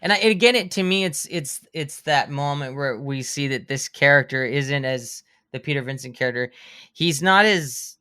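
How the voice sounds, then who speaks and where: A man's voice: on the high side, lively intonation, moderate pace, pushed and bright, clear, resonant tone. A man on a podcast as a guest, thoughtfully analyzing a film in casual chat and restarting his phrases. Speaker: podcast guest, horror filmmaker.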